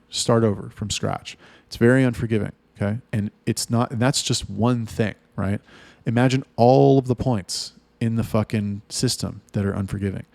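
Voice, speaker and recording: A man giving blunt, heavily profane advice in a ranting monologue. His pitch jumps up to hit his points. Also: vocal fry, no echo. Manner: lively, rising in pitch for emphasis. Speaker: OnlyFans agency owner giving advice.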